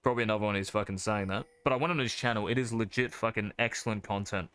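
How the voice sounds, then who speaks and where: A man's voice: on the low side, fast, fairly bright tone, clear, resonant tone. A man coaching a player over a live stream, blunt and profane, calling his student mate. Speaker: game coach.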